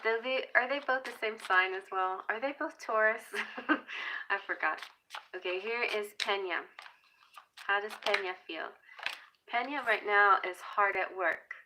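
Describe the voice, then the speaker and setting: A woman's voice: mid-range voice, a little slow, bright, forceful tone, slight background noise. A woman hosting a live-stream tarot reading, chatty and playful with frequent giggles. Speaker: tarot reader.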